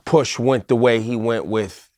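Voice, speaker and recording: A man co-hosts a relaxed panel chat, picking his way through his points with pauses and restarts. His voice sits in a middle register, recorded dry and close in a studio. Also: medium pitch, no echo. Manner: halting, thinks aloud mid-sentence. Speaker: podcast co-host.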